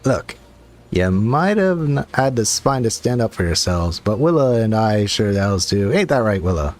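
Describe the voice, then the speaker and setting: A man voicing a brash, scornful woman warrior who taunts in a gruff, folksy way. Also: lowish voice, big pitch swings, normal speed, darkish tone, soft background music.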